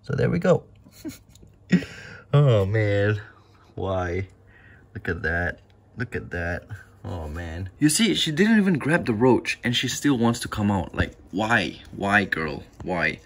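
A man keeping tarantulas, chatting casually and excitedly as he feeds them, often exclaiming and talking to the animals. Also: on the low side, takes it slowly, gravelly, long pauses. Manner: excitable, talks to his spiders, laughs and exclaims often. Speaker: tarantula keeper filming feedings. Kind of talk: casual vlog commentary.

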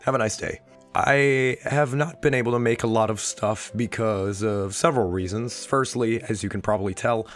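A young man talks in a sick, wheezy voice that sits fairly low. He rambles through a personal vlog with a self-deprecating manner. Faint background music plays under him. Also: steady tone, normal speed. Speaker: channel host.

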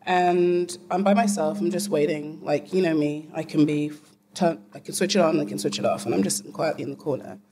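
A woman's voice: deep voice, fairly quick, crowd noise. A woman at a live panel telling a blunt, candid story, swearing freely.

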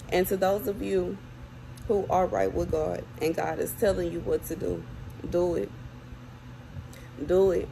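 A woman's voice: fairly low pitch, fairly even intonation, unhurried, gravelly, long pauses, mellow, a little hiss or hum, poor audio. A woman crying as she urgently warns her viewers, repeating phrases over and over. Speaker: self-described prophet. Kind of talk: tearful warning to viewers. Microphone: phone or camera close up.

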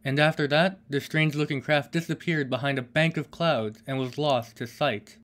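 A man reading a children's storybook aloud in a plain, steady way. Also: a little high, moderate pace. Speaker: audiobook reader. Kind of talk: storybook narration.

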